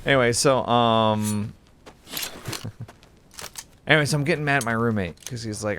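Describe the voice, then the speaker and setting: A man playing a horror game and rambling through a story in casual let's-play commentary, with quick exclamations. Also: mid-range voice, fairly bright tone, slight background noise. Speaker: gaming YouTuber.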